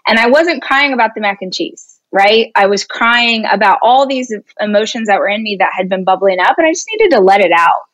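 Animated woman in her thirties. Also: medium pitch, a little fast, hardly any pauses, dry recording. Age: 30s. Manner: animated and expressive, laughs easily. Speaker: guest speaker. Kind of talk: casual interview chat.

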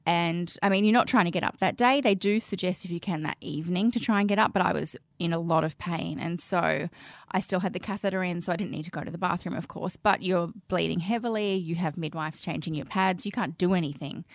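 A woman, talking in a low-pitched, chatty way. She tells a long personal story and acts out what other people said along the way. The recording is dry and close. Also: a little fast, no echo. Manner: chatty, animated quoting of others. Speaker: guest sharing birth story. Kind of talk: casual conversational storytelling.

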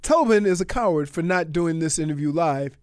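High-voiced teasing male co-host. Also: lively intonation, brisk, clean tone, no room sound, clean studio sound. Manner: teasing, laughing often. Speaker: radio show co-host. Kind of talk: reading listener texts on air.

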